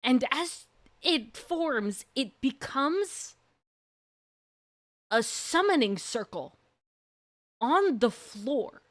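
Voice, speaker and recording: A woman streamer casually retelling a long dream story, full of "like" and slow dramatic pauses. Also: high voice, big pitch swings.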